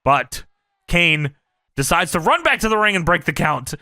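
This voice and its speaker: A man co-hosting a podcast, recapping old wrestling shows in a casual, profane, animated way. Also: on the high side, normal speed, dry recording, clean studio sound. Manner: animated and profane, jumping into quoted voices. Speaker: podcast co-host.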